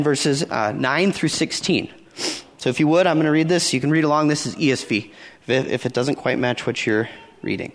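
A man teaching a Bible passage to his congregation in an informal, conversational way. His voice sits a little high. He reads the verses aloud and then retells them in everyday speech, often repeating his phrases. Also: a bit bright. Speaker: preacher.

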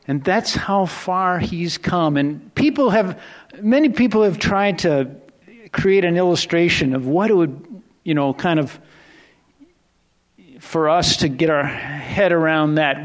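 A man preaching a sermon in a loose, conversational way, often restarting sentences and dropping to hushed asides before rising into excited emphasis. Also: a little high. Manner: conversational, rambling with restarts and self-corrections. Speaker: pastor.

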